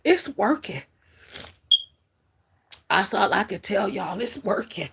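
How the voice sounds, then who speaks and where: A woman's voice: mid-range voice, sing-song, slow pace, vocal fry, fairly bright tone, breathy edge. A woman hosting a spiritual livestream, teary and preacherly, talking straight to her viewers. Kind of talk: casual spiritual livestream talk.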